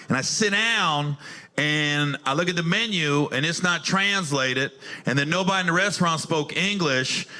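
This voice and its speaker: A man's voice: a little high, pushed and bright. A male stand-up comedian telling stories in a casual, profane, conversational way on a club stage. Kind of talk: stand-up storytelling.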